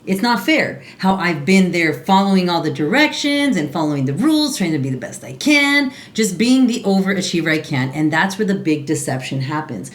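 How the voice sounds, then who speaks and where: A woman's voice: lowish voice, big pitch swings, a little fast, few pauses. A woman co-hosting a podcast, telling her own story in an earnest, confessional way with many restarts. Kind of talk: casual podcast conversation. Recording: roomy echo.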